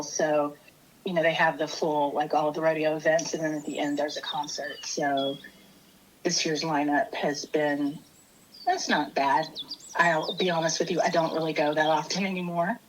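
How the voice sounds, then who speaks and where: Easygoing woman, lowish voice. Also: level tone, normal speed, a little hiss or hum, low-quality recording. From Texas. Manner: easygoing, laughs often, lots of fillers. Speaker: podcast co-host. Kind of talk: casual chat. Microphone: remote call.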